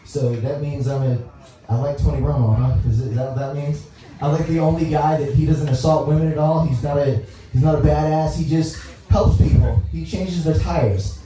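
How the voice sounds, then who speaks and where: Rambling stand-up comedian from Dallas. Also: male voice, a little high, steady tone, dark tone, soft background music. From Dallas, Texas. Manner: rambling, halting, crude, talks to the crowd. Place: comedy club stage. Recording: echoey room, mic heard from far off.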